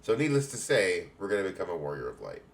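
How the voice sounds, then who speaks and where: Deep-voiced man mumbling wry game asides. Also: wildly swooping pitch, fast talker, vocal fry. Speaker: game streamer. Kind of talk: casual gameplay commentary.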